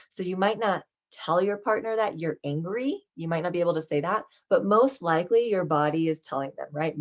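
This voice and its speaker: Young woman, lowish voice, relaxed somatic teacher who keeps asking "right?". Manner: conversational, frequent "right?" and "okay?" check-ins. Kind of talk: casual teaching monologue.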